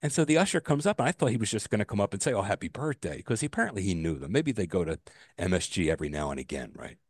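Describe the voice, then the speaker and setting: A male podcast co-host tells stories in a loose, animated way, his pitch ranging widely and leaping up when he gets exasperated. He swears freely. The sound is dry and close. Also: rapid-fire, dry recording. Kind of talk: casual chat.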